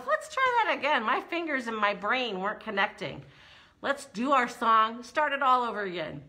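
A middle-aged woman leading a preschool story time as a librarian, talking in an animated sing-song way for small children. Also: a little high, normal speed.

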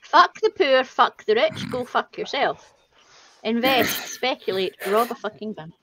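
A brash woman hosts a crude party-game stream, reading out prompts and cursing without a second thought. Her voice sits a little high and leaps about lively as she talks. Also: measured pace, breathy edge, dry recording, rough recording. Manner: brash, swears freely, reads prompts aloud.

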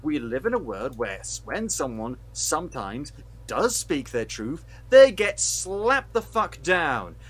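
A man's voice: a little high, very animated, takes it slowly, breathy edge. A man co-hosting a film review podcast, ranting with heated, sweary sarcasm. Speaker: podcast co-host reviewing films. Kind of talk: casual podcast rant.

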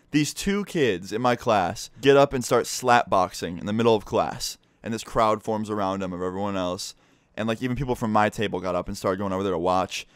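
A man's voice: fairly low pitch, clear, resonant tone, no echo, clean studio sound. A young man telling a school story in a casual storytime vlog, cursing freely and talking animatedly. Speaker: vlogger.

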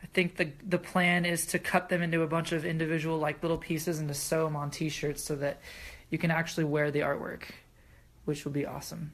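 Relaxed man showing off his artwork. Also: on the high side, brisk. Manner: relaxed, casual explaining with fillers. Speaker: artist showing his work. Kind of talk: casual video update.

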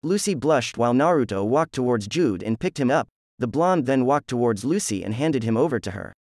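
A man narrating a fan story in a plain, even scripted reading. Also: medium pitch, a little fast, dry recording, clean studio sound.

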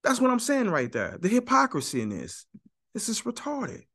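A man's voice: very high voice, huge pitch swings, normal speed, pushed and bright. A man giving heated talk-to-camera religious commentary, emphatic and sarcastic, repeating his points and speaking straight to viewers.

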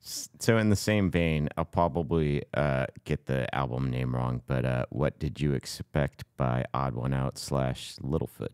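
Very deep, smooth-voiced man. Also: a little slow, hardly any pauses, a little mellow, no room sound, studio quality. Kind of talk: casual chat.

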